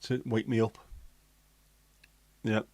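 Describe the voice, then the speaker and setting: Man, low voice, casual livestream host, chatty, swears, dry sound. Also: level tone, slow pace, a little mellow, dry recording. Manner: chatty, swears freely, reads viewer comments aloud.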